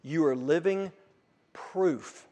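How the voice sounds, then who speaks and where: A man preaching a sermon, piling up emphatic repeated phrases that build to forceful peaks. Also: a little high, takes it slowly, dull audio. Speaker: pastor. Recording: long reverb of a large room.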